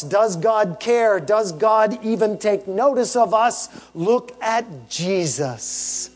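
A man preaching a sermon as pastor, emphatic and measured, often tagging his points with "right?" and asking the congregation rhetorical questions. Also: sits high.

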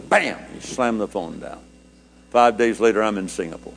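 An older man, a preacher, telling a personal story in a sermon, his voice climbing high with feeling and dropping low and quiet. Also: moderate pace, gravelly.

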